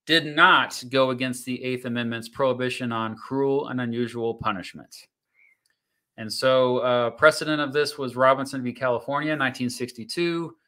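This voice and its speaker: Guy streaming from his home setup, reading chat, bright clear voice, lots of ums. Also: mid-range voice. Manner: chatty, many fillers and restarts. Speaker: YouTube host reading live chat. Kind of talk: casual livestream talk about court rulings.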